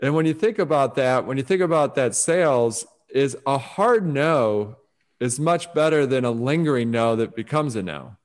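Animated man giving advice. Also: medium pitch, normal speed. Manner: animated, acts out quoted voices. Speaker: guest speaker on focus and success. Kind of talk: conversational advice talk.

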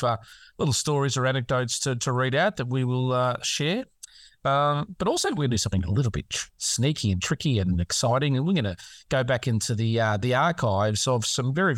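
A man's voice: medium pitch, dry recording. A man with an Australian accent co-hosting a podcast, chatty and jokey, laughing often. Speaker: podcast co-host. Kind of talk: casual chat.

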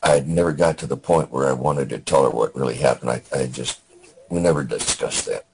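An older man, a veteran guest, telling his war memories in a halting, plainspoken way with many restarts. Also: very deep voice, vocal fry, darkish tone, slight background noise, poor audio.

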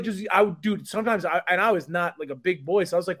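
A man co-hosting a podcast, telling stories in a joking, profane, animated way. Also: high-pitched, fast talker. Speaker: podcast co-host. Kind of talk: casual chat.

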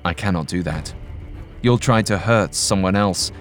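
A man playing a gentle young soldier. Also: low-pitched, moderate pace, faint music behind, lightly acted. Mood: firm. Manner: gentle, earnest.

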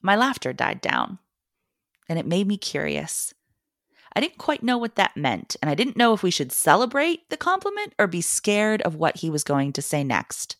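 Woman host, low voice, wry essay reading, dry close sound. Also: big pitch swings, normal speed, a bit bright, no room sound. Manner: wry, humorous storytelling. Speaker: podcast host and mother. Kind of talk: reading a personal essay aloud.

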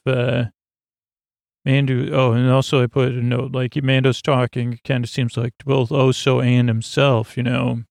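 A man with a gravelly, fry-tinged voice drifts through a sleep podcast recap. He talks in a flat, even line, full of fillers and restarts, and wanders off on tangents. He is close to a dry, dead-sounding mic. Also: a little slow, no room sound. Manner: rambling, full of fillers and self-corrections; low-key, drifting and digressive. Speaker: podcast host.

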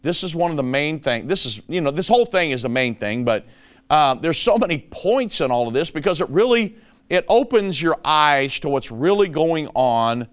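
Emphatic male show host, smooth voice. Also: a little high, expressive, moderate pace. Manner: emphatic, addresses listeners as folks. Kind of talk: commentary show on prophecy.

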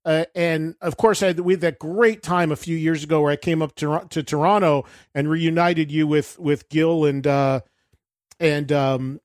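A man's voice: fairly high pitch, steady tone, normal speed, dry recording. A man hosting a radio show, chatty and effusive, laughing easily as he interviews a guest in the studio. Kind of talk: casual interview.

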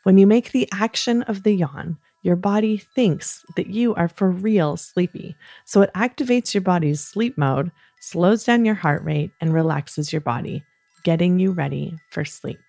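Soft slow lady saying goodnight to kids, low gravelly warm voice, dry with faint music. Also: no room sound. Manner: soft, slow, soothing, playfully acts out yawns. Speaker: host of a kids bedtime podcast. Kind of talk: gentle bedtime talk to children.

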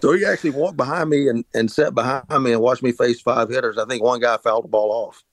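Casting: middle-aged man, anecdotal rambler, dry close sound, average pitch. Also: quick pace, no room sound, low-quality recording. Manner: rambling anecdotal, frequent restarts and filler "uh". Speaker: interview guest, former pitcher. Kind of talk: casual storytelling.

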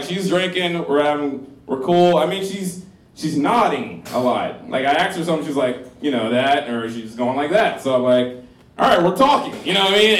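A man's voice: on the high side, a little hiss or hum. A man in his thirties telling a crude comic story to a live crowd, loose and profane, often laughing. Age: 30s. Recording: roomy live room, voice from a distance.

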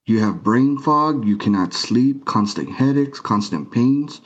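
A man's voice: mid-range voice, animated, measured pace. A man, a guest on a talk show, telling his personal story in an emotional way, acting out the dialogue as he goes. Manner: retells scenes by acting out quoted dialogue. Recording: muffled lo-fi recording.

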